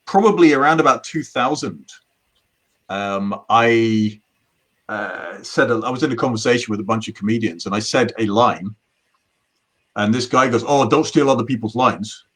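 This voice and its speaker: A man's voice: medium pitch, moderate pace, fairly bright tone. A middle-aged man, a magician telling rambling stories in a casual interview chat. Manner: rambling storyteller with many restarts. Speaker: magician guest.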